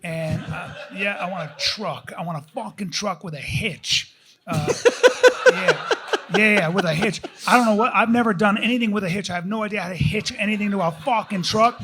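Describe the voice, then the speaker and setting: Bright, excitable, high-voiced male host. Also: normal speed. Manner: excitable, profane, rambling rants. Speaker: podcast host. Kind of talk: live podcast banter. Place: live stage show.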